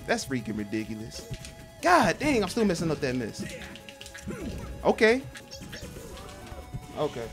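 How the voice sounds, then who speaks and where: A young man chatters through a live fighting-game stream, excitable and quick to call himself out. His voice sits high, and faint game music plays underneath. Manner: excitable, self-deprecating, swears mildly. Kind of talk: casual gaming commentary.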